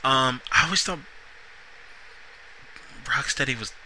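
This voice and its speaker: Rambling guy reviewing wrestling, super bright voice, chatty and all over the place. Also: medium pitch, slow pace, a little hiss or hum, poor audio. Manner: rambling, lots of fillers and restarts. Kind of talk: casual solo review vlog.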